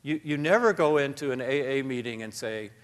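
A man's voice: mid-range voice, a little fast, smooth. A man speaking as a guest author in a live onstage conversation, thoughtful and self-deprecating, reading a passage aloud. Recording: long hall reverb.

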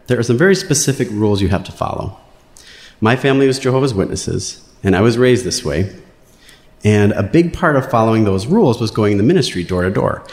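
A man telling a personal story live on stage, wry and animated, raising his voice when he quotes people. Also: lowish voice. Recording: roomy hall reverb.

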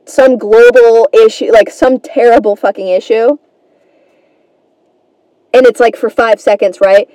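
Rambling woman podcast host, mellow tone. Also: a little high, fairly even intonation, unhurried, pauses often, no room sound, rough recording. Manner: rambling, self-deprecating, swears freely. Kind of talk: casual comedic monologue.

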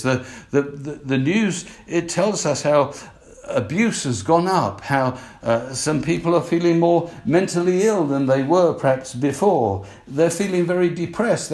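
An older man delivers a relaxed, conversational sermon in a voice that sits a little high. He keeps asking his listeners questions and circling back over his points. The room around him is echoey. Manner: conversational, repeats himself, asks listeners questions. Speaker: preacher. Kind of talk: informal sermon.

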